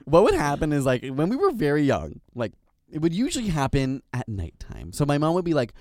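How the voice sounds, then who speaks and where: Man from canada, casual chat, lively pitch, dry sound, says like a lot. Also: brisk, dry recording. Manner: animated storyteller, heavy use of "like".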